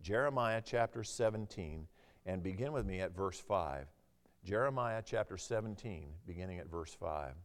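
A man's voice: sits low, lively intonation, normal speed, long reverb tail. A man preaching a sermon, talking conversationally with the congregation and reading scripture aloud with rising intensity. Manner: conversational, asks the audience questions, reads scripture with rising intensity.

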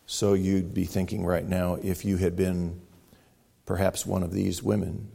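A man preaching a sermon, retelling a story dramatically, with sudden loud exclamations and quiet, hushed stretches. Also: sits low, completely flat delivery, a little slow, vocal fry. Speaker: pastor.

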